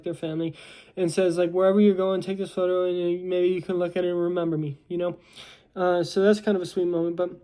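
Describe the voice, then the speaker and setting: Rambling young man with a high, mellow voice. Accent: American. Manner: rambling with many fillers and restarts. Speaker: movie reviewer. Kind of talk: casual movie recap.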